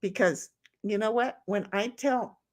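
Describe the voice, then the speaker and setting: A woman's voice: medium pitch, measured pace, slight background noise. A woman with a Southern US accent hosting a livestream, reading chat messages aloud in a casual, blunt, rambling way, swearing freely and trailing off mid-sentence.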